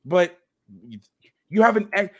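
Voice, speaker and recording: Sarcastic football coach breaking down film. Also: male voice, high-pitched, sing-song, a little slow. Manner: sarcastic, exasperated.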